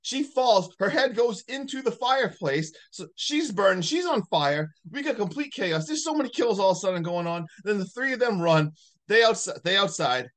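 A man hosting a podcast, casually recapping a movie in a rambling, animated way full of "like". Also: high voice, normal speed. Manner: rambling, animated retelling with many likes. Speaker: podcast host.

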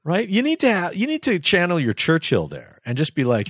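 Husky, lively-voiced ranting podcast man. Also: fairly high pitch, a little fast, hardly any pauses, dry recording, clean studio sound. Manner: animated, profane ranting with mocking impressions. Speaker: podcast co-host. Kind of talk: casual podcast banter.

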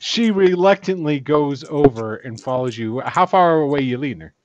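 A man running a tabletop role-playing game as game master, narrating and ruling with quick asides. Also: on the high side, expressive, no room sound. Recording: dry, dull lo-fi sound.

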